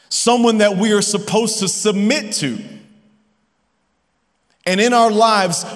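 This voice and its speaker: Male pastor, 30s, bright high voice, relaxed conversational sermon delivery, reverberant hall. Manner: casual, conversational preaching with personal stories.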